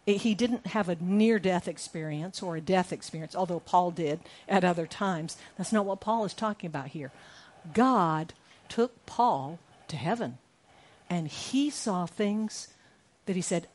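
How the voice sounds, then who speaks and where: A woman's voice: fairly low pitch, lively intonation, a little slow, darkish tone. A middle-aged woman pastor preaching a sermon in church, emphatic, repeating key lines and asking the congregation questions. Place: church sanctuary.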